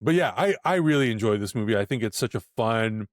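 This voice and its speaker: A man's voice: fairly low pitch, brisk, dry recording, studio quality. A man co-hosting a casual film podcast, talking with enthusiastic, emphatic energy. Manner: enthusiastic, animated, emphatic reactions. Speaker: podcast co-host.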